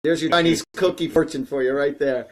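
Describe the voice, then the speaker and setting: A man hosting a live stream, chatting loosely and cracking jokes as he answers questions. His voice sits a little high for a man, and he gets louder and livelier when something excites him. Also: brisk, crowd noise. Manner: chatty, rambling, jokey, animated when excited. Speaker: psychic host answering viewer questions. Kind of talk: casual live-stream talk.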